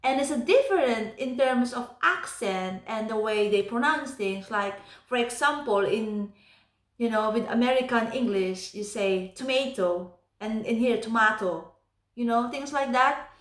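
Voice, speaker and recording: A woman with a Filipino accent tells stories for her vlog, her voice pitched a little high. She talks in an animated way and laughs often between points. The sound bounces around an echoey room. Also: normal speed. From Philippines. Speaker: vlogger. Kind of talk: casual storytelling vlog.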